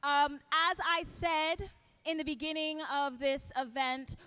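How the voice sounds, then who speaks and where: A woman emceeing a live stage event, hyping up the crowd in excited, drawn-out calls. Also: high-pitched.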